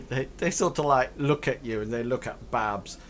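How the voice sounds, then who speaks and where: A man narrating as game master of a tabletop game, pausing often with fillers. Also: mid-range voice. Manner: hesitant, many fillers and restarts. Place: home setup, live stream.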